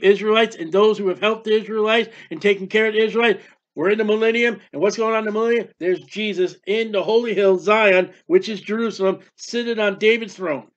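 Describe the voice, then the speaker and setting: Male preacher with a high voice, fervent, punchy rhetorical questions, dull lo-fi sound. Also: fairly quick. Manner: fervent, fires off rhetorical questions, declaims scripture. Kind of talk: sermon-style Bible teaching.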